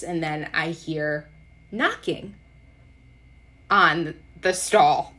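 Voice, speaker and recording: Young woman podcast host, unhurried, candid and self-deprecating, telling a personal story. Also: lowish voice, sharp tone.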